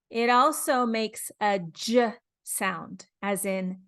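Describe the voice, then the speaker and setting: Very slow, careful woman teacher. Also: medium pitch, creaky, a bit bright. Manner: slow, deliberate, demonstrating mouth positions and repeating sounds. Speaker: English teacher. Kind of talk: phonics lesson.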